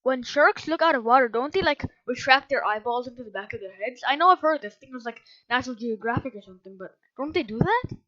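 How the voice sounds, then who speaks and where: A woman with a fairly high voice rambles through a movie recap, sarcastic and correcting herself as she goes. The recording is dry and a bit dull and lo-fi. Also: animated, quick pace, a bit bright, no room sound. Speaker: movie reviewer.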